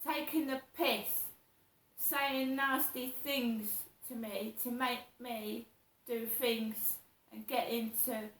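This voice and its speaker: A middle-aged woman talks slowly and at length, circling back over the same grievances. Her voice sits fairly high and carries a roomy echo. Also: steady tone, fairly bright tone, a little hiss or hum. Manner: slow, repetitive, aggrieved storytelling. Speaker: vlogger. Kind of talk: personal monologue.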